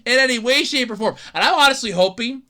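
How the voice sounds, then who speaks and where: A podcast host rambling through a casual solo rant, swearing and laughing often, exasperated and rising to shouts when worked up. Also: mid-range voice, quick pace.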